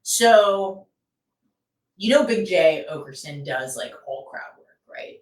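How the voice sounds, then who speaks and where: A woman co-host tells a long, lively story in relaxed chat, leaning on fillers as she goes. Her voice sits a little low. She sounds far from the mic in a roomy space. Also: takes it slowly. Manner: animated storytelling, many fillers. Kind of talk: casual chat.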